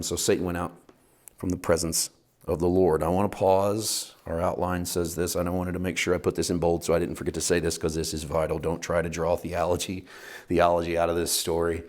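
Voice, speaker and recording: A man's voice: low-pitched, flat delivery, brisk, a little mellow. A man teaching a Bible study lesson, talking in a conversational, emphatic way and asking his listeners questions.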